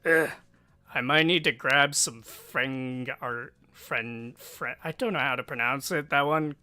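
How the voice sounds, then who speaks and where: A man's voice: medium pitch, a little slow, bright, forceful tone, clean tone, dry recording. An American man streaming live while drawing, rambling to himself in a self-mocking, offhand way.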